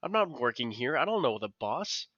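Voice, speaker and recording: A man co-hosting a casual podcast, telling animated work stories and swearing freely. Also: mid-range voice, normal speed, no echo, lo-fi sound. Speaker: podcast co-host. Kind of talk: casual chat.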